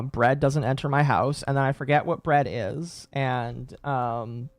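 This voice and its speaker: This streamer, a man in his late twenties, casually answers chat, wandering off topic, laughing softly and revising what he says. His voice is medium-pitched and there's no echo.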